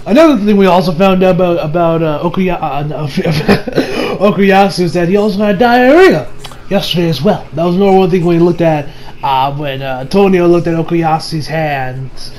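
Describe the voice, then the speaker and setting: High-voiced man rambling through a review. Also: normal speed, darkish tone, low-quality recording. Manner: rambling, laughs often, many restarts. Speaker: anime reviewer. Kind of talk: casual episode review.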